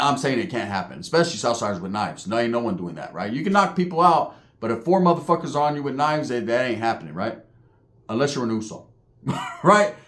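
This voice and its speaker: A man telling prison stories in a casual monologue, animated and profane, heavy on street slang, acting out the people he describes. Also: mid-range voice. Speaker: storyteller recounting prison life.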